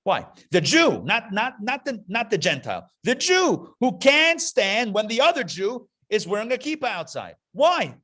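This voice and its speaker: A rabbi's very high, pushed, bright voice swoops wildly in pitch as he lectures at normal speed with hardly any pauses. Teaching a class in front of a live audience, he's passionate and emphatic, repeating his key phrases.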